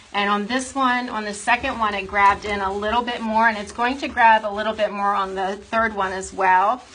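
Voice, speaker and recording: A woman's voice: mid-range voice, bright, forceful tone, a little hiss or hum, poor audio. A woman chatting casually as she shows furniture refinishing step by step, explaining while she works in a workshop. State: out of breath from buffing. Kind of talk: casual how-to demonstration.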